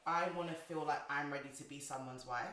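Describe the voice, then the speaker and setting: A woman in her twenties co-hosting a casual chat podcast, reacting quickly and teasing playfully. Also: sits low, fairly even intonation, sharp tone, echoey room. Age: 20s. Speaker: podcast co-host.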